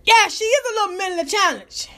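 A woman with a high voice holds forth on a live stream, ranting and cursing as she tells her story. She sounds hyped up and animated, swearing freely throughout. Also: quick pace. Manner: profane, animated, hype.

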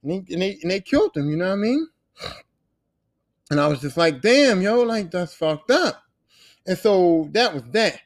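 A man's voice: high-pitched, normal speed, pauses often. A man in his forties hosting a podcast, telling a casual story with lots of swearing and bursts of rapped lyrics. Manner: animated, rapping lyrics and swearing freely. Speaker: podcast host.

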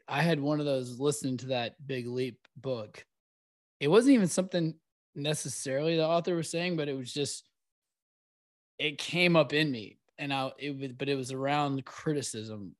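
A man on a podcast who muses aloud in a soft, confessional way, pausing and restarting mid-thought. His voice sits mid-range for a man, recorded dry and close. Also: medium pitch, dry recording. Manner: halting, soft-spoken, many restarts. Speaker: podcast co-host. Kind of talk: casual podcast chat.

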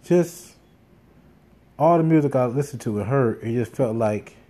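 Dude rambling thru a story, cussing a lot, lots of um and like, warm low-key voice. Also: male voice, expressive, unhurried. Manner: rambling, profane, with many fillers and restarts. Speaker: podcast host. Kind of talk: casual storytelling monologue.

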